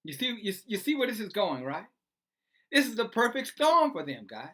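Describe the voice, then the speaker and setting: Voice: mid-range voice, sing-song, moderate pace, sharp tone. An online commentator who reads news aloud and preaches about it in a sarcastic way, full of rhetorical questions.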